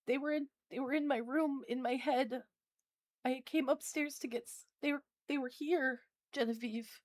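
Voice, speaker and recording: A frightened little boy stammers and trips over his words, as a woman voices him in a tabletop game. His voice sits fairly high and is recorded dry and close, with no room around it. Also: fairly even intonation, normal speed, dry recording, lightly acted.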